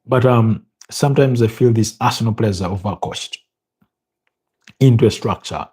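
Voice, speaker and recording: A tired man from Uganda, yawning as he goes, does a live football watch-along with match commentary and chat. His voice is lowish, a little mellow and slightly rough at normal speed, and he thinks aloud with hesitations and repeated words.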